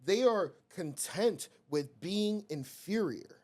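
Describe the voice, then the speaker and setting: A man's voice: high voice, lively intonation, slow pace. A young man talking bluntly and with profanity as a guest on a casual podcast. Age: young adult.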